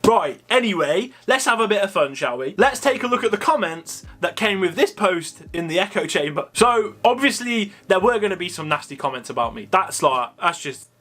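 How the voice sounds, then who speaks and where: A man's voice: high-pitched, expressive, moderate pace, hardly any pauses, bright, forceful tone. A man with a Coventry accent, talking casually to his viewers in a sarcastic, chatty way full of fillers. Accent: Coventry English. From Coventry, England. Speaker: wildlife YouTuber. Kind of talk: casual vlog commentary.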